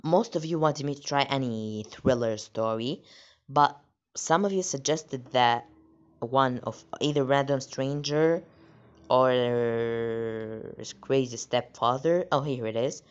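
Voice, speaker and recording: A woman hosts her channel in a slow, low voice, chatting casually as she reads text stories. Her reactions come with plain surprise, on dull, lo-fi audio. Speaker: channel host.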